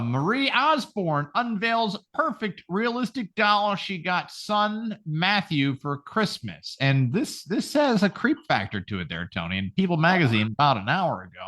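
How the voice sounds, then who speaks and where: Lively joking male podcast host. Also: a little high. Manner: joking, profane, reads news stories aloud. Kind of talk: casual podcast banter.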